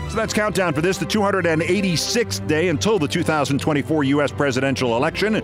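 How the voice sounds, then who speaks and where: A middle-aged man hosting a news commentary show, delivering a scripted monologue in an emphatic, sardonic way. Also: on the high side. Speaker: host.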